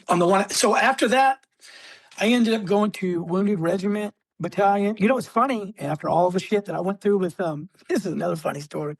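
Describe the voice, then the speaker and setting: A man, a military veteran, telling stories as a podcast guest with many fillers, often clearing his throat. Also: high voice, normal speed, dry recording. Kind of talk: casual storytelling interview.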